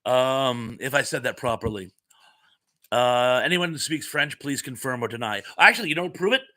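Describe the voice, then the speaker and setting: A man hosting a casual live chat stream, reading viewer comments aloud at his desk mic. His voice is bright and forward, and his talk rambles with fillers, quick asides and easy chuckles. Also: mid-range voice, lively intonation. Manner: chatty, rambling, reads comments aloud with frequent fillers and laughs.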